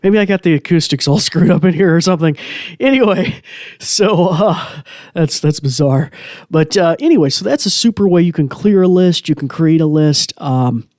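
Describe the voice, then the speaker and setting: Man, tech tutorial host, higher-pitched, loose chatty delivery, dry close studio sound. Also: expressive, normal speed, a little mellow, no room sound. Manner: chatty, loose, many fillers. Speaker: podcast host. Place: small home studio.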